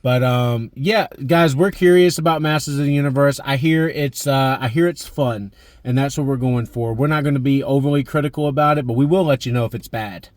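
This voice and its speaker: A man's voice: medium pitch, brisk, dry recording, studio quality. Chatty man in his thirties reviewing movies. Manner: enthusiastic, chatty, many fillers. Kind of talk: casual chat.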